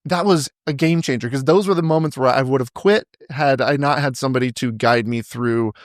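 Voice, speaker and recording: A man's voice: medium pitch, fairly quick, no echo, clean studio sound. Reflective male podcast host. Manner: reflective and self-deprecating, thinking aloud. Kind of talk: podcast interview conversation.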